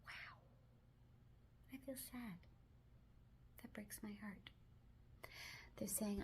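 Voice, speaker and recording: A woman hosting a self-help video, talking gently and mostly in a whisper, with firmer spoken phrases now and then. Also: mid-range voice, very slow, long pauses, slight background noise.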